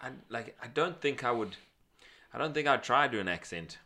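A man hosts a casual podcast chat. His voice is bright and forward, and he chimes in again and again with quick agreements. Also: medium pitch, animated. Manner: agreeable, lots of quick affirmations.

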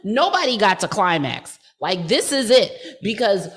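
A woman co-hosting a casual comedic podcast chat, talking in a slow drawl and breaking into sung R&B lines. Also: mid-range voice, sing-song. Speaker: podcast co-host.

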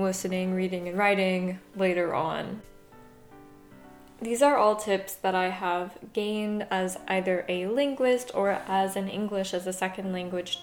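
A young woman from the USA hosting a podcast, giving a clear, measured, scripted monologue. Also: mid-range voice, reverberant. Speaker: podcast host.

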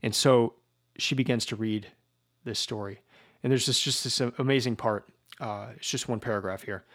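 A man's voice: mid-range voice, fairly even intonation, a bit bright. Hesitant male teacher discussing a novel. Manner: hesitant, repeats words, slow reflective. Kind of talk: informal book lecture.

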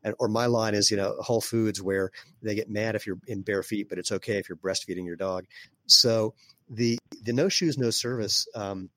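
A man speaking as an interview guest, explaining in a relaxed way with fillers and some throat clearing. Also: on the low side, normal speed, dry recording. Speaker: guest, barefoot sandal maker. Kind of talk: casual conversational interview.

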